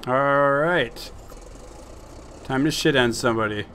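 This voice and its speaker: Bright-voiced, profane young gamer. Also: male voice, mid-range voice, slow, slight background noise. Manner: profane, excitable, joking. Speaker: gameplay commentator. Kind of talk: casual gameplay commentary.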